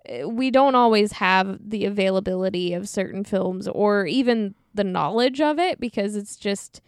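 A woman's voice: medium pitch, smooth, dry recording, studio quality. A woman co-hosting a podcast in casual chat, joking and laughing easily with her co-host. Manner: animated, quick to joke and laugh.

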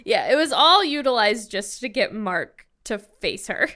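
Woman podcast co-host, bright, slightly high, blunt sarcastic quips. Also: big pitch swings, measured pace. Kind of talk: casual movie chat.

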